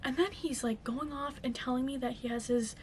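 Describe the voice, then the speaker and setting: High-pitched young woman vlogging a storytime, chatty, lots of likes and ums, bit of faint hiss. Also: steady tone, fairly quick. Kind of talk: casual storytime chat.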